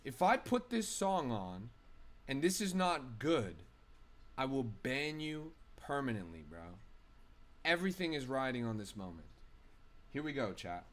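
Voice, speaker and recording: A man's voice: mid-range voice, very animated, measured pace. A man live streaming, ranting angrily and profanely at his chat.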